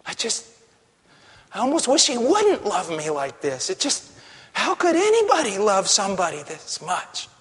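A male pastor preaching a sermon, passionate, dropping to a hush and then rising to a shout. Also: high-pitched, wildly swooping pitch, normal speed. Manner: impassioned, swings from hushed to shouting. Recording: long hall reverb.

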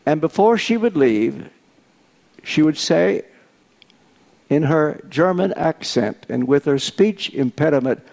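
A man's voice: on the high side, lively intonation, gravelly, a little mellow. An older man preaching a sermon, telling stories with dry humor. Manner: unhurried storytelling with dry humor.

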